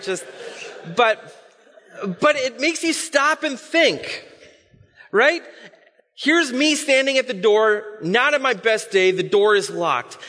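A man's voice: very high-pitched, bright, forceful tone, long reverb tail. A man preaching as a pastor, telling a story in a conversational way with casual asides. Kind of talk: sermon.

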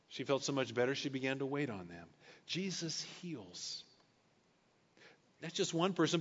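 Guy preaching, fairly high voice, chatty asides, big echoey church hall, dull sound. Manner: conversational asides between scripture readings. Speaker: pastor. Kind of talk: sermon.

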